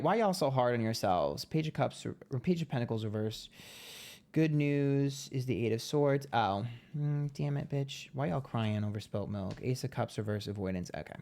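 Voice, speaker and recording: A man giving a casual monthly tarot reading, blunt and profane, chatty and playful with sudden jumps in pitch. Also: animated, moderate pace, creaky, darkish tone. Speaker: tarot reader.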